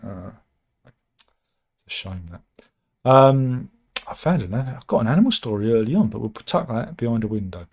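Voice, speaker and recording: A man's voice: mid-range voice, very animated, measured pace, pauses often, darkish tone. A man from the UK, hosting a casual news chat, reading out headlines with wry, sarcastic asides and frequent restarts.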